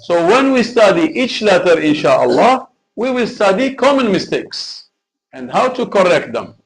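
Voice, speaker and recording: A man's voice: high voice, sing-song, unhurried, low-quality recording. A man teaching Quran recitation in a live lesson, explaining carefully and chanting example verses.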